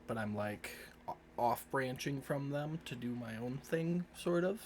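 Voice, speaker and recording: A man's voice: medium pitch, animated, unhurried, a little mellow, slight background noise. A man at a tabletop game describing his character's actions in first person, in a laid-back manner with loose fillers. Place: home streaming setup.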